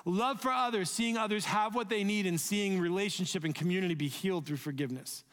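Earnest pastor in a reverberant hall. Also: male voice, high voice, fast talker. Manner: earnest, conversational preaching, drops soft when leading prayer. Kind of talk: sermon. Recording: echoey hall, long reverb.

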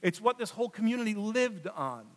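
A male pastor preaching a sermon, swinging between loud emphatic passages and hushed, slow drops. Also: sits high, big pitch swings. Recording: long reverb of a large hall.

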